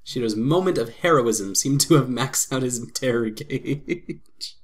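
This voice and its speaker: A man hosting a let's play, reading a visual novel aloud with quick laughs and commentary. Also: mid-range voice. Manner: lively reading broken by laughs and asides.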